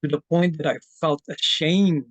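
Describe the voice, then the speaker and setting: A man from the Philippines with a Filipino accent, sharing a personal story in an online session, earnest and halting with many fillers and restarts. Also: fairly high pitch, fairly even intonation, no echo, muffled recording. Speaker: community member sharing his story. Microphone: video call.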